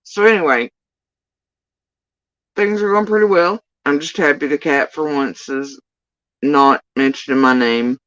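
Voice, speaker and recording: A woman's voice: low voice, unhurried, long pauses, a bit bright, no echo. A woman giving casual ranting livestream commentary, profane, sarcastic and exasperated, on a dull, dry lo-fi recording. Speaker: YouTube drama commentator.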